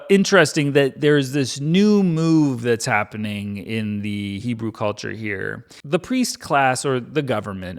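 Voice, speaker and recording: A man hosting a comedic Bible reading, rambling with joking asides and lots of filler words. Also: fairly low pitch. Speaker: host.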